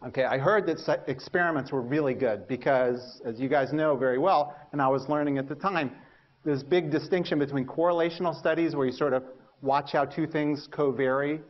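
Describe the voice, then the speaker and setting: A man giving a university lecture, telling stories about his early research with lively, self-mocking humor and acting out his own past reactions. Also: a little high, a little fast, dull audio. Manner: animated storytelling, acts out his past thoughts. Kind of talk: lecture with personal anecdotes.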